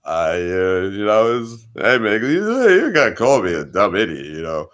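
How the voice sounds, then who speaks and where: A man's voice: lowish voice, very animated, moderate pace, fairly bright tone, pitched below the performer's own voice. A man impersonating a punch-drunk male boxer with a slurred side-of-mouth mumble. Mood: dazed.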